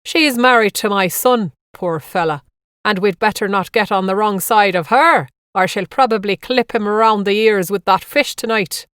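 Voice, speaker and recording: A woman voicing a jolly, joking male Irish bus guide with a booming voice and a broad Irish accent put on. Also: moderate pace, clear, resonant tone, no echo, studio quality, lightly acted. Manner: joking, loud and drawn out.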